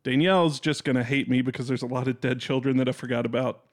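A man co-hosting a podcast, talking in a calm, measured, reflective way. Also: medium pitch. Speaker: podcast co-host. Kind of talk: casual chat.

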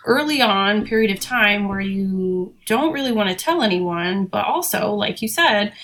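A woman's voice: mid-range voice, expressive, a little slow, a bit bright. A woman in her thirties, a veterinary technician, chatting casually on a podcast, with frequent fillers and laughs.

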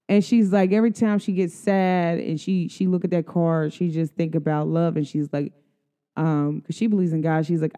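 A woman with a mellow, warm tone and a smooth, clean voice talks through a casual podcast monologue. She is earnest and loose, full of slang and "like" fillers. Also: on the low side, steady tone, brisk. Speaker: podcast host. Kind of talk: casual spiritual talk.

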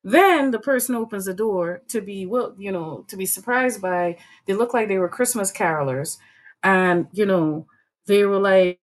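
A woman's voice: medium pitch, normal speed. Blunt, profane woman telling it straight. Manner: blunt, profane, storytelling with rhetorical questions. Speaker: podcast panelist. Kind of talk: heated political commentary.

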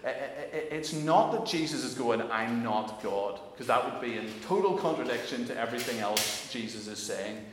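Male preacher, excitable, lots of restarts, very echoey hall, long reverb, faint room noise. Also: mid-range voice, brisk, few pauses. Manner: animated, many restarts, acts out quoted voices. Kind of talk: sermon.

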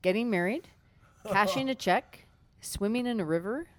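Female co-host, mid-pitched, explains at length, friends chatting behind. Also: crowd noise. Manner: explains at length, deliberate reading. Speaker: podcast co-host. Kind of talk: casual group chat.

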